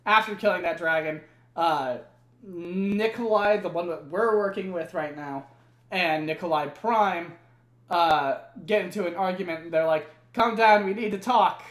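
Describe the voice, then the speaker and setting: A man's voice: high voice, a little slow, a bit bright. A young man casually recounting video game lore, rambling and swearing, with plenty of fillers. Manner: rambling, profane, many fillers. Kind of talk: casual chat.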